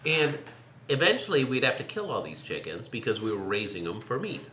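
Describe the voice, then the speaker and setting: A man hosting a casual interview, playful and laughing, telling a lively story. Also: on the low side, fast, reverberant, a little hiss or hum. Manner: playful, laughing, acts out voices in stories. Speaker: host.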